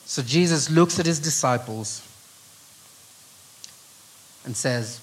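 A middle-aged Kenyan man preaching a sermon with an earnest delivery, often dropping to a hushed voice on key phrases. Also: mid-range voice, slow, pauses often, low-quality recording. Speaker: pastor.

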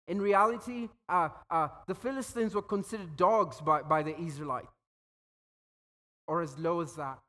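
A man's voice: on the high side, normal speed, a bit bright. A man preaching a sermon, telling stories and acting out quoted voices, often repeating words as he goes. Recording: long hall reverb.

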